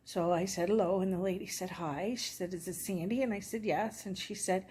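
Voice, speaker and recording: A middle-aged woman telling her viewers a personal story in an easygoing, rambling vlog style. She gets openly emotional and plays out both sides of each conversation she retells. Her voice sits at an ordinary middle pitch. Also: steady tone, fairly quick, few pauses, darkish tone, breathy edge. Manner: chatty, rambling, emotional, acts out quoted dialogue. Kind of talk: casual storytelling to camera.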